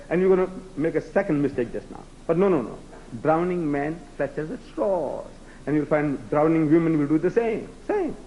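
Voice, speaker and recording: A man's voice: sits high, a little mellow, dull audio, slight background noise. A man from South Africa whose first language is Gujarati, giving a rhetorical, challenging public lecture to a live audience. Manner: rhetorical, challenging, acts out debates with mock voices.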